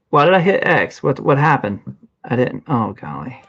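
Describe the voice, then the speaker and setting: A man's voice: on the high side, big pitch swings, normal speed, a bit bright, lo-fi sound. A man chatting casually during a live game stream, playfully over-dramatic and humming little tunes between lines. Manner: chatty, mock-dramatic, humming and singing sound effects. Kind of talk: casual live-stream chat while gaming.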